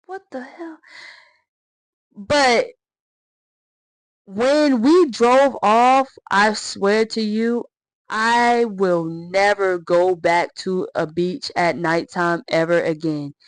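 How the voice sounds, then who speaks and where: A woman chatting through a story time vlog in a slangy, excitable way. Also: medium pitch, drawn-out words, dry recording, poor audio.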